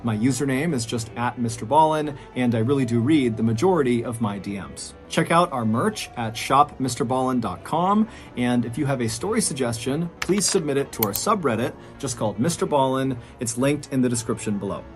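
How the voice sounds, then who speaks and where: A man's voice: medium pitch, lively intonation, fairly quick, soft background music. A man hosting a storytelling show, recounting a true crime story in a conversational style with dramatic emphasis on key lines. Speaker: host and storyteller.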